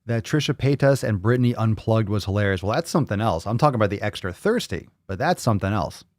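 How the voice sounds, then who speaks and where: A man with a fairly low voice hosts a casual live stream and chats with his viewers. He jokes loosely and swears freely as he reads their comments. His voice sounds dry and close, with little room sound. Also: lively intonation, fast, dry recording. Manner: loose, profane and joking, reading chat aloud.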